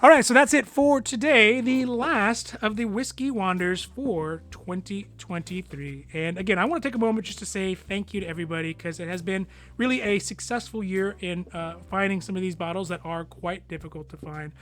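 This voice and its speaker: A man hosting a whiskey review vlog, talking casually in a relaxed, rambling way with lots of fillers and small chuckles. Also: sits high, moderate pace. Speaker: whiskey channel host.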